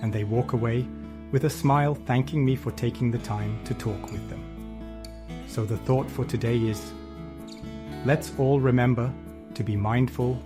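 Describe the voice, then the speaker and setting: Podcast guy, earnest and gentle, guitar music playing under him. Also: mid-range voice, fairly even intonation, moderate pace. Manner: earnest, gentle faith-based encouragement. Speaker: podcast host. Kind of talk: scripted inspirational reflection.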